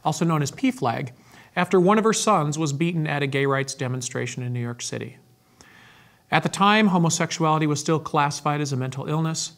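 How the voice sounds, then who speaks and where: A man co-hosting a news show, reading stories and adding thoughtful comments in a measured way. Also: a little high. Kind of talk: scripted news reading and discussion.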